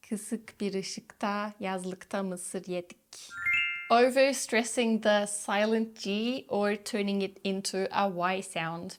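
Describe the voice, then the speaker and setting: A woman who grew up speaking Turkish teaches an online pronunciation lesson, saying each drill word slowly and carefully twice over. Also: mid-range voice, fairly even intonation, a bit bright.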